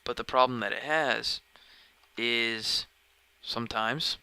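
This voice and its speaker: A man's voice: mid-range voice, slow pace, creaky, bright, forceful tone, clean tone, no room sound, low-quality recording. A man live-streaming a game, chatting casually and rambling, often sidetracked mid-sentence, recorded at home on a dedicated microphone. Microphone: dedicated desk microphone.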